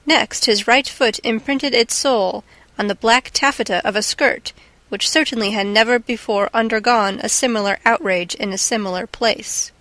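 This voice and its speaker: A woman reads a classic novel aloud in a steady, measured way. Her voice sits fairly high and the recording is dry and close. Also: no echo. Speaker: audiobook narrator. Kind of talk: scripted narration.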